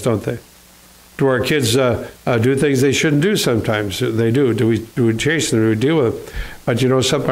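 A man of ordinary pitch preaching from the pulpit, reading old-fashioned scripture aloud and pausing to put rhetorical questions to his listeners. His delivery is halting, full of small restarts as he works through his points. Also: low-quality recording. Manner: reads scripture aloud in King James wording. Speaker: pastor. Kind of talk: sermon.

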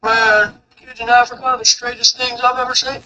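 A man's voice: very high-pitched, flat delivery, fairly quick, sharp tone. A man joking around in casual banter while playing a game with friends. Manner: joking, goofy. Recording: slightly dull lo-fi mic.

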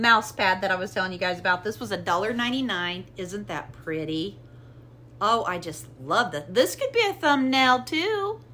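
A woman's voice: mid-range voice, pushed and bright, a little hiss or hum. A middle-aged woman chatting casually through a shopping haul at home, rambling and easily amused. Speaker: vlogger showing a shopping haul.

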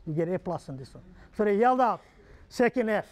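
A man speaking with a Hawaiian Pidgin accent delivers a humorous motivational keynote. His voice sits high for a man. He keeps firing quiz questions at the audience and teasing them in easy call-and-response. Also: sing-song, fairly quick, a little mellow.

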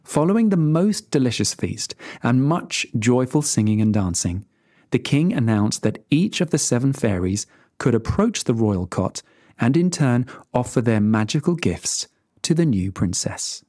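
A storyteller reading a classic fairy tale aloud for English learners. The delivery is expressive, with a lively, swinging pitch and an animated, storybook feel. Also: measured pace, dry recording, studio quality.

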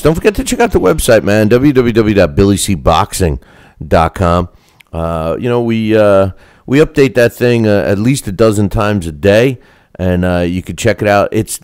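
A man's voice: low-pitched, a little mellow, smooth, dry recording, studio quality. A man hosting a podcast in casual, rambling chat, blunt and full of fillers. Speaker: podcast host.

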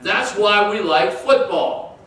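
A high-voiced male pastor preaches a sermon in a church sanctuary, animated yet slow, with a sharp tone and a conversational style that invites questions from the audience. The recording is echoey and picked up from far off.

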